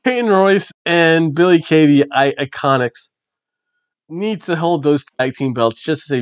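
A man hosting a casual wrestling review, chatty and animated with lots of fillers. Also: fairly high pitch, unhurried, smooth, no echo. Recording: dull, dry lo-fi recording.

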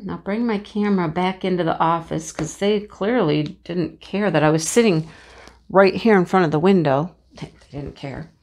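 A woman vlogging from her home office in a casual, chatty storytelling way, animated and acting out the voices in her story. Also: medium pitch. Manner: animated, acts out voices in anecdotes, laughs often. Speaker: crafting vlogger.

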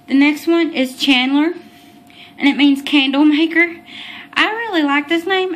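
A woman's voice: a little high, slight background noise. A young adult woman vlogging in a casual, chatty way about baby names, often apologizing and getting tongue-tied. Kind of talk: casual baby-name vlog.

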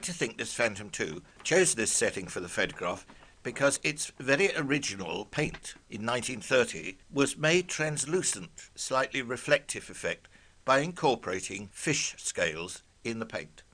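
A man's voice: medium pitch, moderate pace. An older man narrating a scripted spoken memoir in a wry, vivid manner. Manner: wry, vivid, brightly expressive. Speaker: storyteller.

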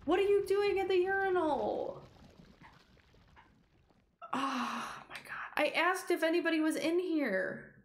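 A woman's voice: very high voice, slow pace, long pauses, roomy sound. A young woman streaming a horror game, chatting with viewers and shrieking at the scares. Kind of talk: live game commentary.

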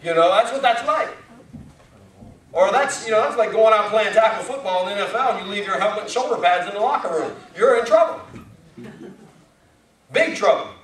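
High-voiced pastor in an echoey church. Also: male voice, expressive, brisk, long pauses, a bit bright, recorded from a distance. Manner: conversational, folksy, with rising emphatic questions. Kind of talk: sermon. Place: church sanctuary.

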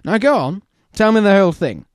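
A man reading aloud as an earnest young gentleman suitor in a classic comedy, in a theatrical manner. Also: sits high, sing-song, a little fast, dry recording, clean studio sound, voice pushed up. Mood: indignant.

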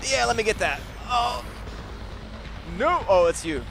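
A man giving loud, excitable let's play commentary, swearing and yelling at enemies. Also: very high voice, a little slow, vocal fry, slight background noise. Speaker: gaming commentator. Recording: commentary over loud game music and effects.

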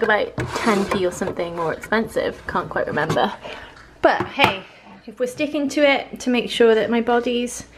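A woman's voice: fairly high pitch, noisy background. Chatty young woman vlogging. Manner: chatty, giggly, rambling with asides. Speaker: lifestyle vlogger. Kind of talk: casual chatty haul vlog. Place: home living room, on the sofa.

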